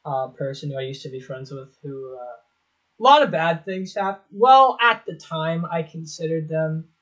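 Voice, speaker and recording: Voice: medium pitch, expressive, a little slow, fairly bright tone, poor audio. A young adult vlogger giving casual reaction commentary on old clips, swearing often, mocking themself and laughing.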